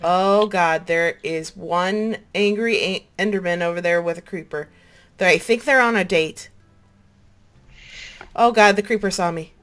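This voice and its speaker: A woman hosting a casual let's-play, chatting with a co-player and excitable at dangers in the game. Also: lowish voice, a little slow. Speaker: gaming channel host.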